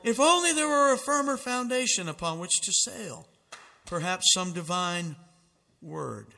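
Male preacher, emphatic sermon delivery, bright tone, long reverb. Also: high-pitched, animated, unhurried, vocal fry. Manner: fervent, emphatic preaching with dramatic quotations.

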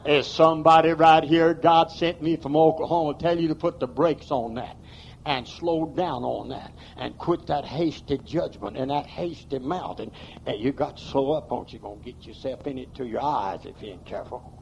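A man's voice: a little high, normal speed, gravelly, dull audio, slight background noise. A man preaching a sermon in a church, emphatic and folksy, with plain rural grammar. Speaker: pastor.

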